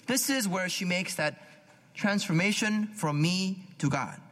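A man's voice: high voice, lively intonation, unhurried, fairly bright tone. A man preaching a sermon in a casual, conversational way, often repeating words and asking "right?". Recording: long hall reverb.

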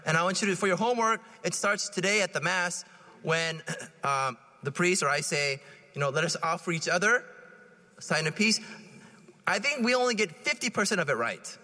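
A man in his thirties delivers an informal homily at Mass as a priest. His voice sits high and swings widely in pitch as he tells stories with animation and keeps checking in with the congregation. The sound carries the long reverb of a church. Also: normal speed. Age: 30s. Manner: animated storytelling, checking in with "right?".

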